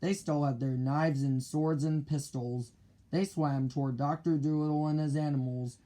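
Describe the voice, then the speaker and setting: A man reading a children's picture book aloud in a slow, clear storytelling manner. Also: a little high, fairly even intonation, mellow.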